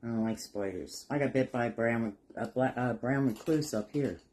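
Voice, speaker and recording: A man's voice: mid-range voice, moderate pace, a little mellow, a little hiss or hum. A middle-aged man telling rambling, folksy stories and chuckling as he paints a craft project for his vlog. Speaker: craft vlogger. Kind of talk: casual storytelling while painting.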